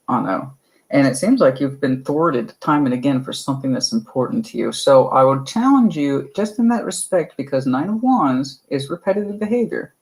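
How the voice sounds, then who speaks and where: A woman's voice: low voice, darkish tone, poor audio. A woman giving a tarot card reading in a chatty way, repeating her points and calling the listener honey. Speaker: tarot reader.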